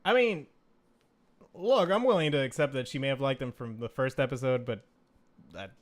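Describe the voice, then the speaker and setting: A man co-hosting a casual anime discussion, animated and swearing freely, sometimes shouting when excited. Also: medium pitch, normal speed. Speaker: co-host.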